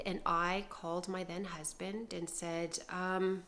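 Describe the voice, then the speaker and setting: A woman vlogger telling a personal story in an animated, dramatic way, swinging between loud bursts and hushed asides. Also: fairly low pitch, takes it slowly, hardly any pauses.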